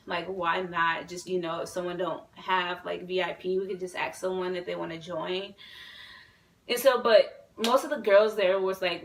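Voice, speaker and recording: Twenties girl vlogging, rambly and hyped, lots of like and swearing, kinda gravelly, sits back from the mic. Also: lowish voice, far from the mic, poor audio. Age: 20s. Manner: rambling and excitable, full of fillers and swearing. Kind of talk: casual storytelling to camera.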